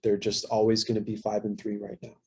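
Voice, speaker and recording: A man's voice: fairly low pitch, completely flat delivery, a little fast, darkish tone, a little hiss or hum. A man in his thirties sharing candidly at a recovery workshop, talking in a casual, self-deprecating way with plenty of fillers and swearing. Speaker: workshop speaker.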